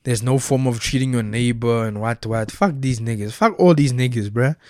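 A man's voice: medium pitch, moderate pace, a little mellow, dry recording, studio quality. A young South African man giving casual solo commentary, profane and heated, heavy with slang.

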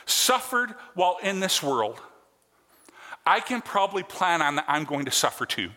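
A male pastor with a notably high, bright voice delivers an earnest sermon in a conversational way. His words carry a long reverb from a large church sanctuary. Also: big pitch swings, moderate pace. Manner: earnest, conversational preaching with check-ins to the congregation.

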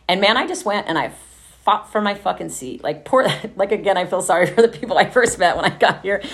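A woman's voice: on the low side, lively intonation, quick pace. A woman from Texas telling her recovery story in a casual, chatty way, swearing freely and laughing often.

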